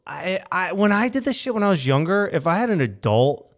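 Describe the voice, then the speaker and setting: A man's voice: high voice, brisk. Man telling a story on a podcast. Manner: storytelling, animated quoted voices. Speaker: podcast co-host. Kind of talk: casual chat.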